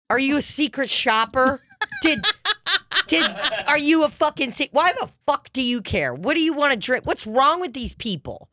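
A woman's voice: high-pitched, very animated, a little slow, sharp tone. A woman co-hosting a podcast, telling a bar story as a profane, ranting casual chat. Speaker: podcast co-host.

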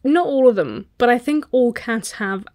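A woman's voice: fairly high pitch, lively intonation, normal speed, darkish tone, no echo. Woman cohosting a podcast, jokey storytelling, dry close sound. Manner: jokey, swears, acts out silly voices. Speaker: podcast co-host. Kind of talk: casual storytelling chat.

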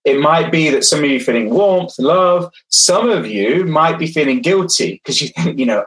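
A man's voice: on the high side, expressive, normal speed, hardly any pauses, a bit bright, low-quality recording. A man lecturing online, engaging his audience directly and reading out their replies from the chat.

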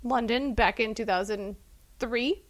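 A woman co-hosting a podcast, chatting in an animated, laughing way. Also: a little high, a little slow. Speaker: podcast co-host. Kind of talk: casual chat.

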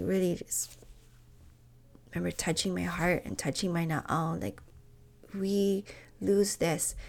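A woman's voice: on the low side, creaky. A woman, hosting her podcast and talking without notes in a passionate, pleading way. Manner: passionate, pleading, rising to emphatic. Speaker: podcast host. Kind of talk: unscripted personal talk.

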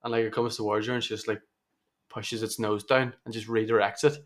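A man's voice: fairly low pitch, level tone, a little fast. Man telling funny stories. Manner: laughs often, tells stories with dry humour. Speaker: podcast co-host. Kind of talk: casual chat.

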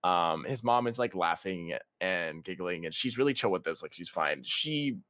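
Young man, casual storytelling, lively pitch, frequent laughs, dry close sound. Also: moderate pace, dry recording. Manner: laughing, animated, jumps to high voices quoting others. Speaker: podcast guest.

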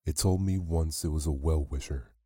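A man voicing a frightened, rheumatic old village woman who talks in a hushed, gasping way. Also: a bass voice, moderate pace, breathy edge, no echo, studio quality. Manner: gasping, fearful.

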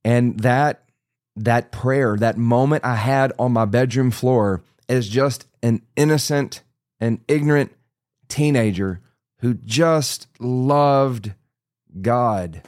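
Preacher guy in his 40s telling his testimony, earnest, keeps restarting, middle pitch, dry close sound. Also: slow pace, a little mellow, dry recording. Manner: earnest storytelling with many restarts and asides. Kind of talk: sermon testimony.

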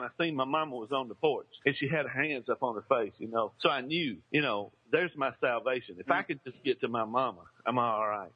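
A man's voice: medium pitch, highs cut off. A man telling a funny childhood story in a loose, rambling way, with plenty of fillers and restarts. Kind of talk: casual comic storytelling.

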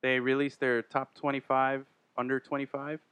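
A man's voice: mid-range voice, completely flat delivery, normal speed, fairly bright tone, clear, resonant tone, no room sound. A young man co-hosting a sports podcast, chatting casually and laughing as he leads the segments. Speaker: podcast co-host.

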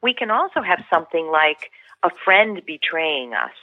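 A woman's voice: low-pitched, sing-song, moderate pace, no echo. Earnest woman guest on a tinny phone line. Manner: earnest, emotional, many restarts. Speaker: guest author and leadership coach. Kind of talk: podcast interview storytelling.

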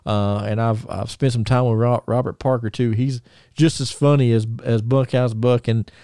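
A man's voice: medium pitch, steady tone, normal speed, mellow, clear, resonant tone, no echo, clean studio sound. A man hosting a casual podcast, rambling through stories with many fillers and restarts. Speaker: podcast host.

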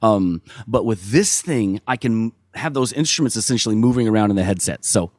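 A man's voice: lowish voice, animated, fairly quick, a little mellow, dry recording, studio quality. A man, a streamer and musician, chatting casually in an interview, laid-back and rambling with many fillers and restarts.

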